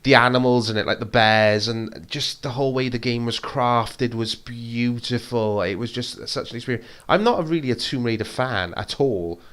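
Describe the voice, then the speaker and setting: A man in casual conversation as co-host, with a mid-pitched voice. He speaks enthusiastically and rambles at times, restarting his sentences. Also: normal speed, few pauses, a bit bright, clear, resonant tone. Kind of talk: casual chat.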